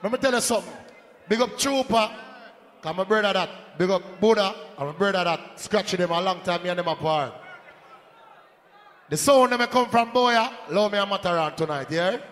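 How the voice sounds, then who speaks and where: A man with a Jamaican accent hyping a live dance as sound system selector, shouting and joking with the crowd over a handheld mic. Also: sits high, moderate pace. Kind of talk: live hype talk at a dance. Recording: echoey hall, faint crowd noise.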